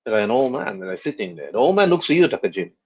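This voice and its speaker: A man narrating as game master of a tabletop game, with quick put-on voices for side characters. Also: medium pitch, big pitch swings, a little mellow, slightly rough. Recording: dull lo-fi voice chat audio.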